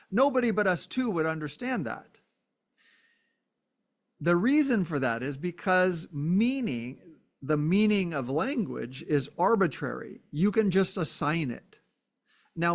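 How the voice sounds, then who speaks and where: A man with a somewhat high voice talks through a philosophical idea in a reflective solo podcast. He thinks aloud, with fillers and many "right?" checks. Now and then he acts out short exclamations. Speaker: podcast host.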